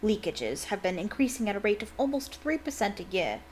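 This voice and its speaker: A woman's voice: mid-range voice, big pitch swings, fairly quick, a little hiss or hum, natural voice. A woman voicing a pompous, self-important young man with a prim, fussy manner. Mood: smug.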